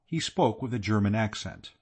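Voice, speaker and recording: A man reading an audiobook with lively, chatty storytelling. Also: fairly low pitch, moderate pace. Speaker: audiobook narrator. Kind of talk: scripted narration.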